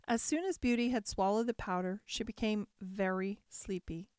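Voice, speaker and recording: A woman narrating a classic fairy tale as a calm, measured bedtime story. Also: mid-range voice, dry recording, clean studio sound.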